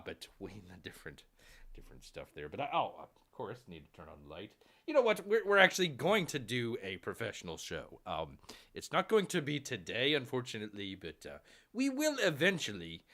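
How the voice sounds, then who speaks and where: A man hosting a casual comics livestream, rambling and excitable, with lots of fillers. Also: mid-range voice, creaky. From Tampa Bay area. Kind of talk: casual live-stream chat.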